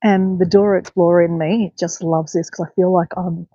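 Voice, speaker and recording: A woman's voice: lowish voice, steady tone, normal speed, mellow, no echo, lo-fi sound. Chatty woman live-streaming outdoors. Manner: chatty and upbeat, talks straight to viewers. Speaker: livestream host. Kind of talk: casual live-stream chat, greeting viewers. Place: outdoors on a clifftop by a bay. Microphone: handheld phone.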